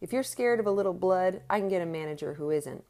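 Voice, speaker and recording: A woman reading aloud voices a hot-tempered young male boxer who shouts indignantly. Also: sits low, lively intonation, brisk. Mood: furious.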